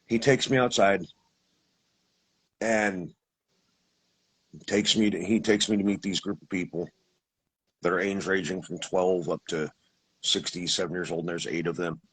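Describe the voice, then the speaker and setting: Husky-voiced man telling a rambling story. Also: low voice, steady tone, a little slow, long pauses, fairly bright tone, rough recording. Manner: rambling, restarts and acts out quoted voices. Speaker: guest telling his experience. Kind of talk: casual storytelling.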